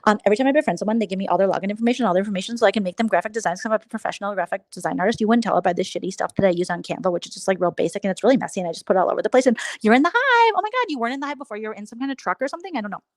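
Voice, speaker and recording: A woman putting on the voice of a ditzy, boastful woman rival, rambling rapidly and breathlessly. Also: mid-range voice, animated, no echo, close to an everyday voice. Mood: mocking.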